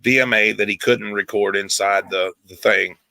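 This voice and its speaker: A man with a bright, forceful voice tells a rambling story on a group call, doubling back and repeating words as he goes. His voice sounds dry and close. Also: fairly low pitch, fairly even intonation, moderate pace, creaky, dry recording. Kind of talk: casual group chat.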